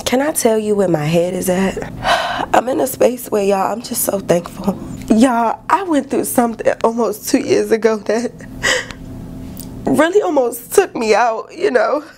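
Emotional woman, gravelly voice. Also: fairly high pitch, expressive, unhurried, a little mellow, a little hiss or hum. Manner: candid, emotional, talks straight to viewers as "y'all". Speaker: beauty vlogger. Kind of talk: casual get-ready-with-me chat. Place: living room by a bright balcony window.

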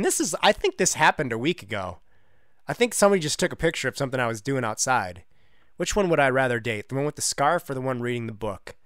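A man hosting a gaming channel, giving casual, sarcastic commentary with loud outbursts of disbelief. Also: fairly high pitch, dry recording, clean studio sound. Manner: animated, exclamatory, sarcastic asides. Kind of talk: casual let's-play commentary.

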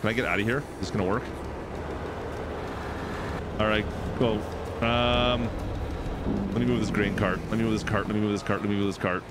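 A man streaming live farm gameplay, chatting excitably with his viewers and talking to the game. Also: fairly low pitch, a little fast, long pauses, heavy background noise. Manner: excitable, chatty, talks to chat.

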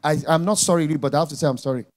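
A man preaching a sermon, emphatic and jabbing, dropping to quiet asides and rising to loud exclamations. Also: fairly high pitch, rapid-fire.

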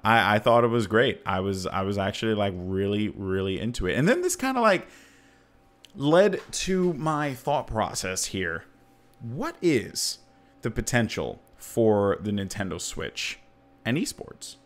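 A man's voice: lowish voice, measured pace. A man in his thirties hosting a podcast, chatting casually and jokily, with his voice leaping up to stress points. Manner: animated and jokey, voice leaping up for emphasis. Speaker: podcast host. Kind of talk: casual chat.

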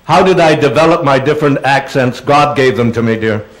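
A guest speaker addresses a large auditorium and takes audience questions, rambling chattily and calling people "dear." His mid-range male voice runs a little fast, and the audio is poor.

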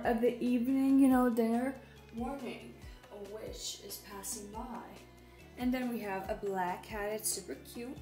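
A woman's voice: on the high side, warm tone. Chatty teen girl in an echoey room. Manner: chatty and upbeat, showing off decorations. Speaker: vlogger. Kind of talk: casual vlog narration. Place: bedroom.

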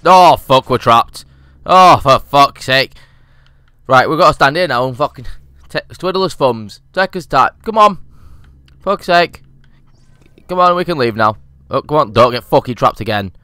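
Cheeky young male let's-player; animated, bright delivery, curses freely. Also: mid-range voice, moderate pace, pauses often, clean tone, dry recording. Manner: sweary, cheeky, chatty. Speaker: gaming YouTuber. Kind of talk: casual let's-play commentary.

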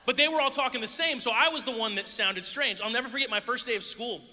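Male preacher, sermon delivery, very bright tone, playful storytelling with voices, echoey hall. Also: very high voice, quick pace. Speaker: youth pastor. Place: church hall with audience.

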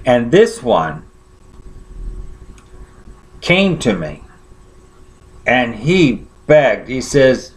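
A man's voice: mid-range voice, big pitch swings, extremely slow, long pauses. A man preaching a sermon, telling a personal story in a conversational way and often checking in with his listeners.

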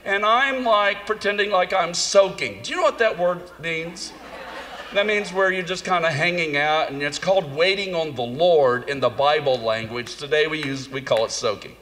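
A man telling a humorous, self-mocking story in a sermon, animated and jumping into high voices for comic asides. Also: normal speed. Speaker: conference speaker. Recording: long hall reverb, faint room noise.

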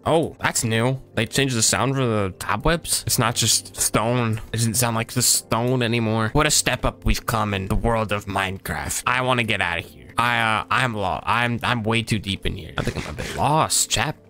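Bright-voiced man chatting through gameplay. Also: fairly low pitch, moderate pace, hardly any pauses, faint music behind. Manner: chatty running self-talk, swears casually. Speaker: gaming channel host. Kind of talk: casual gameplay commentary.

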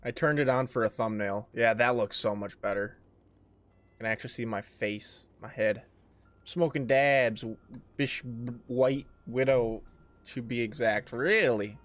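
A man streams a car game live, his medium-pitched voice fairly bright and delivered at a measured pace with no echo. He chats casually with his viewers, cursing and cracking jokes constantly.

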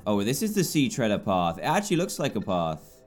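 Excitable English gaming commentator, lively voice. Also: male voice, fairly quick. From England. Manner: jumpy, chatty, swings between low mutters and loud yelps. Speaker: gaming YouTuber. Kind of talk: gameplay commentary.

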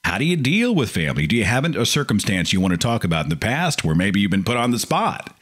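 A man's voice: on the low side, fast. A man hosting a call-in podcast, talking casually and with feeling. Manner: animated, mocking impressions of pious relatives. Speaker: podcast host. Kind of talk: casual call-in show monologue.

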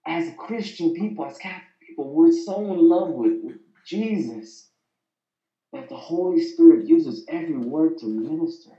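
A man with a fairly high, mellow voice gives an inspirational Christian talk, telling stories with lively voiced quotes. The sound is roomy and a bit muffled. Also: unhurried. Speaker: speaker.

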